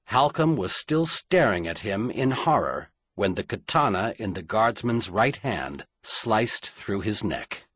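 Male narrator, audiobook, slow measured delivery, husky, low voice, dry sound. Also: big pitch swings, a bit bright, dry recording. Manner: measured, dramatic storytelling.

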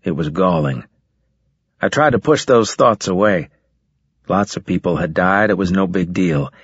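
A man reading a science fiction novel aloud in first person, in a measured, matter-of-fact way. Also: low voice, lively intonation, husky, no echo. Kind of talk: audiobook narration, first person. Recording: slightly dull lo-fi recording.

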